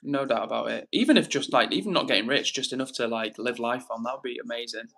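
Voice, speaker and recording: With a mid-range voice, lively intonation and a fast, somewhat bright delivery, a young man runs a livestream. He's chatty and cheerful, reading viewer messages aloud in a casual way.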